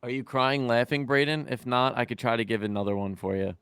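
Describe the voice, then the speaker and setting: A man's voice: mid-range voice, a little fast, a bit bright, clear, resonant tone, no room sound. A man co-hosting a music review livestream in loose casual chat, full of fillers and dad jokes, on a close mic.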